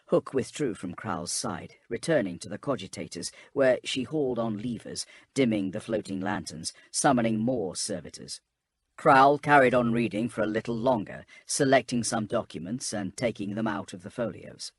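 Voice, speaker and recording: A man narrating a calm bedtime sci-fi audiobook in a steady, husky voice. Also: lowish voice, normal speed, no echo.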